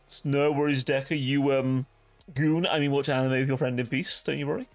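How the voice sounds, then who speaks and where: A man's voice: medium pitch, fairly even intonation, a little fast, darkish tone, faint music behind. A man hosting a livestream, chatting casually with viewers in a rambling, profane way, filling his talk with "like". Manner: rambling, profane, ranting, heavy use of "like". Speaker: livestream host.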